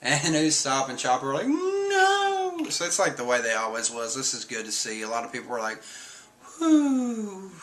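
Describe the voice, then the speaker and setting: Recapping a manga chapter, a male streamer rambles loosely, stuffing his speech with fillers and acting out character lines as he reads them. His middling-pitched voice is bright and forceful, and he talks fast with few pauses and fairly even intonation.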